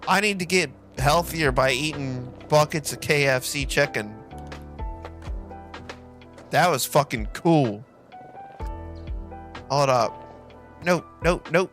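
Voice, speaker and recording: A man's voice: on the high side, takes it slowly, long pauses, a bit bright, soft background music. A man chatting casually while he plays a game, rambling and joking, with a lot of swearing. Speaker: streamer. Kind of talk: casual chat while gaming.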